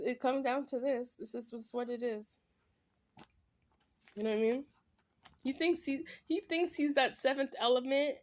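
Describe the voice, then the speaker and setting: A woman's voice: on the high side, darkish tone. A woman vlogger in a confrontational, repetitive rant, talking straight at an absent man. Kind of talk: ranting monologue to camera.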